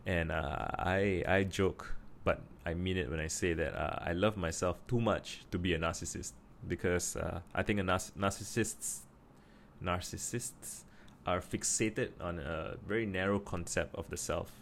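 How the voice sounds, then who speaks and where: A young Singaporean man with a Singaporean accent, musing in a casual video monologue and deliberately speaking slowly from his chest. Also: vocal fry, a little hiss or hum. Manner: practicing a slow, deep, chest voice; thoughtful, many fillers and restarts. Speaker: vlogger.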